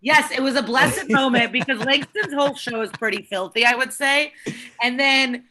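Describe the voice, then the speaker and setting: Bright, brash woman hosting. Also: high-pitched, normal speed. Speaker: host. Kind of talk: casual storytelling chat.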